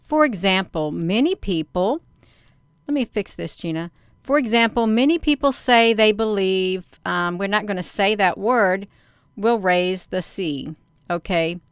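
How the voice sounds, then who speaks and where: A woman's voice: mid-range voice, lively intonation, unhurried, clean tone, dry recording, clean studio sound. A woman hosting her own channel, reading a document aloud and commenting on it casually. She stresses words and repeats phrases, often calling out to viewers as "you all".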